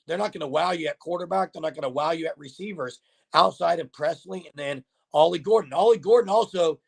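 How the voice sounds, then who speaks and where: A man's voice: fairly high pitch, brisk, creaky, slightly rough. A man hosting a casual sports livestream, chatting and joking with callers and reading out viewer comments. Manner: chatty, jokey, talks straight to viewers. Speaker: host of a sports livestream show.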